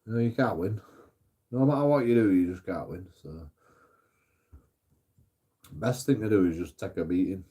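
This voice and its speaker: A man's voice: sits low, normal speed, long pauses, mellow. A man with an English accent, a streamer ranting casually to viewers, rambling and swearing, laughing at his own story. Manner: rambling, profane, laughs at himself.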